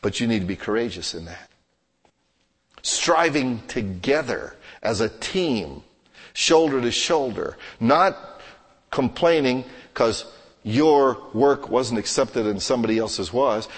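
Man, pastor, emphatic exhorting sermon, mid pitch, long hall reverb. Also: animated, measured pace, slightly rough. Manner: emphatic, exhorting, with rising and falling intensity.

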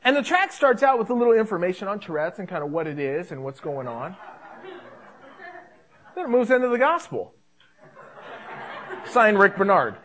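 Animated high-voiced male preacher. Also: normal speed, pauses often, a faint crowd. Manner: animated, conversational, repeats phrases. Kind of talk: sermon.

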